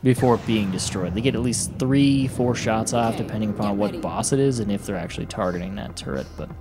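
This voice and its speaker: Young male gaming commentator, deeper voice, casual rambling, music bed underneath. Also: brisk. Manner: rambling, laughs often, blunt and mocking. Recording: music playing behind voice.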